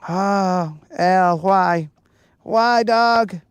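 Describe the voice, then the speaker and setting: A man's voice: high-pitched, drawn-out words, clean tone, dry recording. A man chatting casually on a live stream while fishing outdoors on a lake, ranting in a playful, mock-serious way and stretching out his words.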